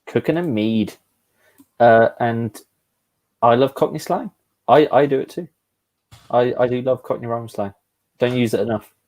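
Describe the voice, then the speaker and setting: A man's voice: mid-range voice, a little slow, pauses often, a little mellow. A man hosting a casual beer chat, laughing often and restarting his sentences. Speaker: host.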